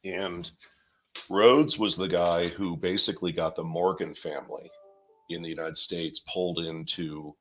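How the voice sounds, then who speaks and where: A man's voice: deep voice, fairly even intonation, unhurried, fairly bright tone, faint music behind. A man talking casually as a podcast guest, giving long, meandering explanations. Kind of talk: casual chat.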